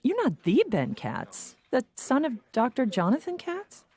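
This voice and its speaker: A woman's voice: high voice, huge pitch swings, measured pace, darkish tone, slightly rough, exaggerated voice. An actress playing a friendly, easygoing female bartender chatting with a customer.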